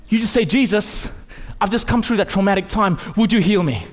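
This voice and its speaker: A man preaching a sermon, swinging between loud, urgent rises and quiet, intimate drops. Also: sits high, brisk. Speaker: pastor. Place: church hall. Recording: long hall reverb.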